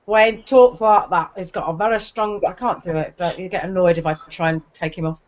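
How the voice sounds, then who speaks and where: Casting: middle-aged English woman, slight American lilt, rambling conversational host, muffled low-fi stream sound. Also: fast, a little mellow, a little hiss or hum. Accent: English, with a slight American tinge. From England. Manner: chatty, restarts often, trails off. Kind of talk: casual chat. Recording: dull lo-fi stream audio.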